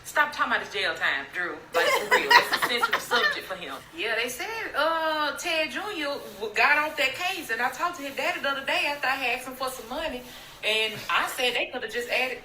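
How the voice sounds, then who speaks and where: A woman's voice: sits high, sing-song, a little fast. A woman in a comedy skit playing a bossy, sassy boss who runs a wrestling locker room. She scolds, drawls and talks in slang. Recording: echoey room with clear background noise.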